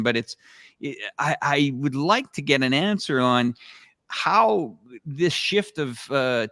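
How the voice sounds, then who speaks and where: A man's voice: medium pitch, a bit bright, no echo, studio quality. A man hosting a geopolitics livestream who asks his guests long, rambling, musing questions. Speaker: livestream host.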